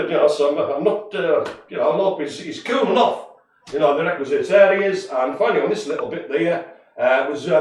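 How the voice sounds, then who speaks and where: Brief: man, co-host, jokey and rambling, slightly high voice, distant mic in an echoey room, faint noise. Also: a little mellow. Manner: chatty and jokey, many fillers. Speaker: co-host giving shout-outs. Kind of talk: casual live-stream chat.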